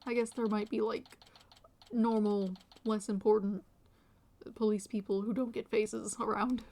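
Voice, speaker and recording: A woman's voice: mid-range voice, fairly even intonation, measured pace, darkish tone. Wry joking woman streamer. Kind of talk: casual game commentary. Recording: faint music behind.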